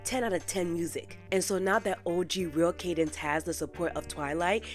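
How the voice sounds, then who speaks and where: A young woman hosting a casual cartoon recap, chatty and slangy, telling the story with animated asides. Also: on the low side, normal speed, soft background music. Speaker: commentary channel host.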